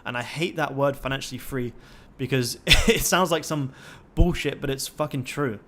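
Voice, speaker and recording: A man's voice: mid-range voice, steady tone, normal speed, pushed and bright. A young man hosting a trading livestream, talking casually and swearing constantly in a pumped-up, motivational way.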